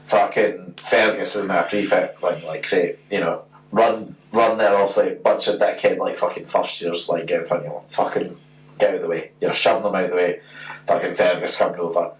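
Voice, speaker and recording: A Scottish man in his twenties co-hosting a podcast, telling stories in a sweary, animated way. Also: sits low, normal speed, reverberant, distant mic, poor audio. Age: 20s. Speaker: podcast co-host. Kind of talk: casual chat.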